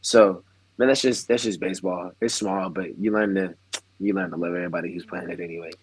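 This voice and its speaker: A young man in his twenties, a baseball player, telling stories casually in an interview and acting out the quotes with lively voices. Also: low voice, brisk, a little hiss or hum, low-quality recording.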